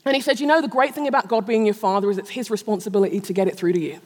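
A woman's voice: medium pitch, rapid-fire. A middle-aged woman preaching a sermon, telling a personal story with self-mocking humor and frequent laughter. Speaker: speaker at a Christian gathering. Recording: long reverb of a large hall.

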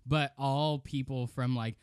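A man's voice: medium pitch, fairly even intonation, a little slow, clean tone, no echo. Laid-back American man trading dry jokes. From United States. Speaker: podcast co-host. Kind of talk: casual chat.

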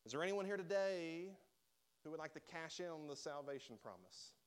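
A man preaching a sermon to a church, emphatic and emotional, rising to loud pleas and dropping to soft, quiet lines. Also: fairly high pitch, expressive, fairly quick, clean tone. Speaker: pastor. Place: church sanctuary.

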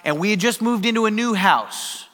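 A middle-aged man, a pastor preaching a sermon and telling a lively story to his congregation. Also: high-pitched, normal speed, slight background noise. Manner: animated, acts out voices in a story, laughs with the congregation. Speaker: worship pastor. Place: large church hall. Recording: reverberant church hall.

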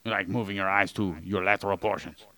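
A man's voice: low voice, steady tone, fairly quick, pushed and bright. A man co-hosting a podcast in casual chat, explaining history with goofy jokes along the way. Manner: jokey, goofy asides. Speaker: podcast co-host. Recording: poor audio quality.

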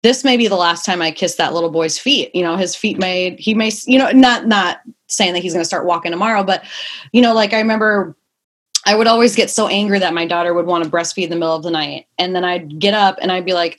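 A woman's voice: lowish voice, fairly quick. A young woman, a mother of two small children, talking candidly in a casual podcast chat, rambling and swearing now and then.

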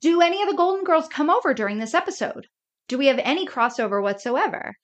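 Woman, podcast co-host, casual and lively, quick laugh, relays scenes by quoting characters. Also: high voice. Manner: animated, laughs often, quotes characters. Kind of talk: casual chat.

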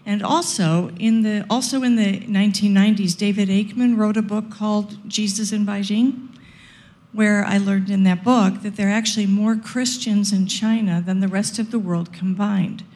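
A woman's voice: mid-range voice, steady tone, normal speed, darkish tone. A woman in the audience asking a question hesitantly, searching for her words.

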